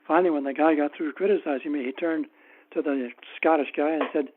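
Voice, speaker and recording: A man as an author guest in a casual interview, telling anecdotes in an unhurried, wry way. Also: a little high, slight background noise. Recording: tinny phone-like line.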